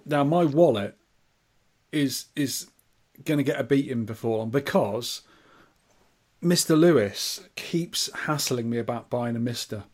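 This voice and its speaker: A man in a mid-pitched voice co-hosting a relaxed podcast. He rambles about his hobbies and teases his co-host in a jokey way. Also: measured pace, long pauses. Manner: chatty, playful, teasing. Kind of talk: casual chat.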